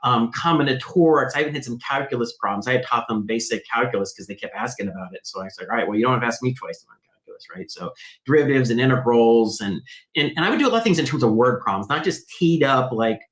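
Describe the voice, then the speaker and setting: Male interview guest, mid-pitched, animated storyteller, roomy echo. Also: quick pace. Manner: animated, acts out quoted voices. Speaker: guest, math program founder. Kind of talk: conversational storytelling.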